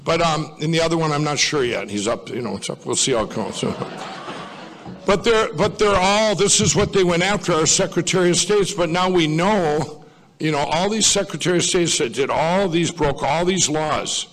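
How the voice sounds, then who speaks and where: A man's voice: a little high, animated, moderate pace, fairly bright tone. A man giving a rambling public speech to an audience, digressive and folksy, often correcting himself mid-sentence. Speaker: speaker at a political event. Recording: long reverb of a large hall.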